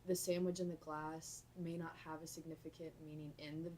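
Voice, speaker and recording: A woman student asking a halting question during a lecture. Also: deep voice, little pitch movement, a little mellow, slight background noise, rough recording.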